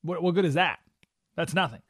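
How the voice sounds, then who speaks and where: A man's voice: fairly high pitch, a little fast, breathy edge, no echo, clean studio sound. A male radio talk show host delivering an emphatic, preachy opinion monologue. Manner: animated, emphatic, preachy with acted-out quotes.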